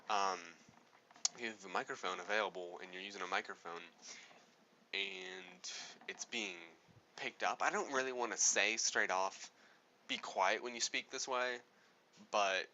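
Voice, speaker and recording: A man's voice: lowish voice, sharp tone, lo-fi sound, slight background noise. A man giving a casual spoken tutorial on speaking, rambling and correcting himself as he goes. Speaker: speaking coach.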